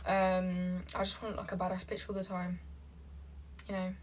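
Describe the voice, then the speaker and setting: A woman's voice: lowish voice, completely flat delivery. Young woman, casual reaction-vlog host, brash and profane, faint noise underneath. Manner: brash, profane and sassy, with fast bursts. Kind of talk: casual chat reading posts aloud.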